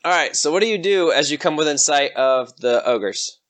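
An easygoing game master narrates a tabletop game. The voice sits in a middle pitch, and the delivery is loose and amused. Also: lively intonation, normal speed, fairly bright tone.

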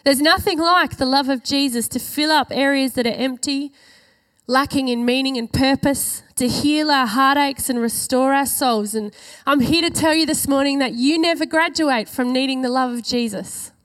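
High-voiced woman preaching a sermon. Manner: earnest, emphatic, slows for key phrases.

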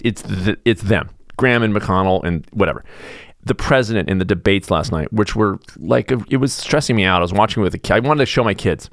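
A middle-aged man hosting a podcast, delivering an animated casual monologue, full of restarts, and mocking others in sudden high voices. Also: dry recording, clean studio sound. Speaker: podcast host.

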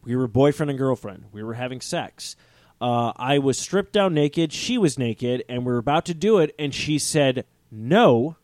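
A podcast co-host talking casually, rambling and cracking crude jokes. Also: male voice, medium pitch, lively intonation, normal speed, darkish tone, dry recording. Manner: joking, rambling, crude humor. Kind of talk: casual chat.

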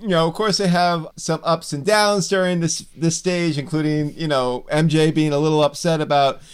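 A man's voice: fairly high pitch, fairly even intonation, moderate pace, clear, resonant tone. A man co-hosting a podcast, chatting casually and rambling, often restarting his sentences and laughing. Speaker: podcast co-host. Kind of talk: casual comic book podcast chat.

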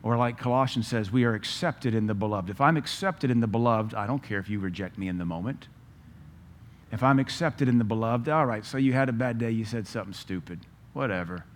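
A man preaching a sermon, firing off rhetorical questions and telling stories with lively energy. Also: mid-range voice, a little fast, a little hiss or hum. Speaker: pastor.

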